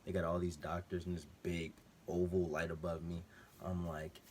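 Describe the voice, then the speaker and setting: A young man telling a personal story in a casual, animated way, full of slang and acted-out quotes. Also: low voice, normal speed, a little hiss or hum. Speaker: vlogger.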